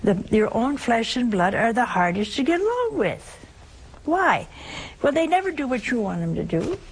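A woman's voice: on the high side, sing-song, normal speed, breathy edge, rough recording. A woman giving a folksy religious talk, telling stories and asking rhetorical questions. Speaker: religious speaker. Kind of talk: sermon-style talk.

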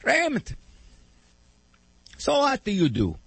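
A man's voice: very high-pitched, huge pitch swings, takes it slowly, creaky, a bit bright, husky, dry recording, voice pushed up, full character voice. A man voicing his old Italian immigrant grandfather, who speaks broken English with an Italian accent and asks puzzled questions. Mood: teasing.

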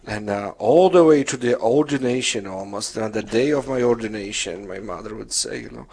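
A man's voice: lowish voice, fairly quick, vocal fry, hardly any pauses, darkish tone, slightly rough. A man, a priest, telling a personal story on a radio show and acting out his mother's lines.

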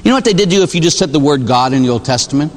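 Speaking rapid-fire in a slightly high voice, this male Catholic priest delivers an animated church sermon packed with jokes and rhetorical questions. Slight background noise and the long reverb of a large hall are audible.

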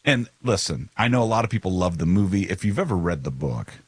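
A man's voice: low voice, very animated, fast, husky, dry recording. A man co-hosting a podcast, rambling in casual chat and often restarting sentences. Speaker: podcast co-host.

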